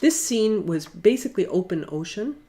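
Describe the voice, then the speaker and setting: A woman's voice: medium pitch, normal speed, a little hiss or hum. Chatty woman teaching watercolor painting. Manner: relaxed and chatty, thinks aloud with fillers. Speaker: watercolor art instructor. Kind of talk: casual painting demonstration.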